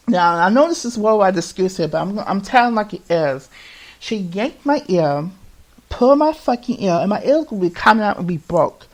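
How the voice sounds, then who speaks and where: A man in his twenties hosting a podcast, rambling and repeating himself as he tells a personal story in a casual confessional monologue, often breaking off mid-thought. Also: high-pitched. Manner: rambling and repetitive, with many restarts. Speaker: podcast host.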